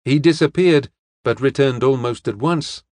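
A man narrating a detective novel as an audiobook in a steady, measured way. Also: mid-range voice, dry recording, clean studio sound.

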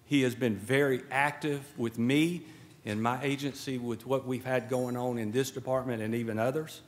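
A man's voice: mid-range voice, steady tone, normal speed. A middle-aged man with a drawl speaks at a podium microphone indoors. His folksy, joking manner drifts into a preacher's cadence as he addresses the audience. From Georgia. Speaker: guest speaker at a swearing-in ceremony. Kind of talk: informal ceremonial speech. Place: indoor event hall at a podium.

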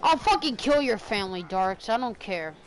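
A woman's voice: mid-range voice, lively intonation, moderate pace, slight background noise. A woman live-streaming a game, raging and swearing at her chat. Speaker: gaming streamer.

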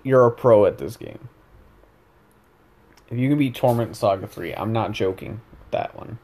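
A man's voice: mid-range voice, moderate pace, darkish tone. A young man casually commentating his own gameplay, joking around, rambling and correcting himself as he goes. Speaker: gaming video host.

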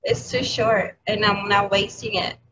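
A woman educator from New York City, talking candidly as an interview guest, halting and laughing softly. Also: medium pitch, steady tone. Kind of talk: emotional interview talk. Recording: dull lo-fi audio with clear background noise.

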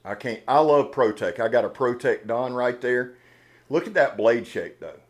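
A man's voice: medium pitch, lively intonation, normal speed. Fired-up man with a drawl. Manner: fired-up, earnest, emotional, rambling with restarts. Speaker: knife channel host. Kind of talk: casual unboxing vlog talk.

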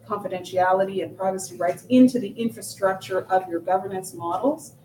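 A woman's voice: mid-range voice, darkish tone, reverberant, recorded from a distance, rough recording. Female guest speaker, earnest lecturing tone, recorded from afar in a room with faint noise. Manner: earnest, emphatic lecturing with repetition. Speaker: guest speaker, accountability officer. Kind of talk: seminar presentation. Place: seminar room.

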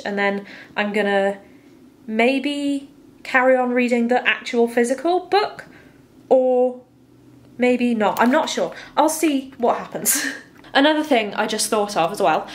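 Brief: giggly woman book vlogger with a slightly high voice, casual chat into a handheld phone at home. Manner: giggly and chatty, laughs at herself. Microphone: handheld phone camera.

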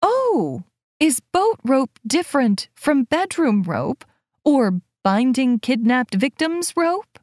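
An excitable, squeamish young woman novelist, as a female narrator puts her on, her voice jumping high into squeals. She sounds dramatic and quick to shriek, heard in a close, dry audiobook recording. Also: no echo, exaggerated voice. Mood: squeamish, excited.

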